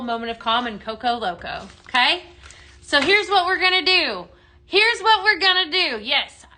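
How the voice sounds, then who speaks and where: Bright, excited woman hosting a live sale. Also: high-pitched, rough recording. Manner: excited, gushing, talks straight to viewers. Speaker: live-stream sales host. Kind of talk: chatty live product demo. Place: indoors, dimmed room.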